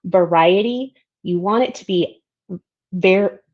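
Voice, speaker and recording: A woman's voice: medium pitch, takes it slowly. A woman walks through design principles in a recorded slide presentation. She sounds upbeat and conversational and leans on each key term. The recording is slightly dull and lo-fi.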